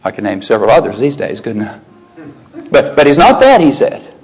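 Older man, preacher, sermon delivery, animated, voice jumps high on quotes and exclamations, mid-pitched. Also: a little fast, breathy edge, soft background music, rough recording. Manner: animated, rising sharply in pitch when quoting and exclaiming.

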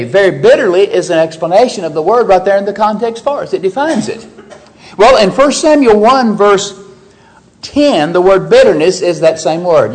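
A man's voice: normal speed, low-quality recording. A man preaching a sermon, acting out the words of biblical figures as he teaches from scripture. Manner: expressive preaching, voicing biblical speakers with rises in pitch. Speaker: pastor.

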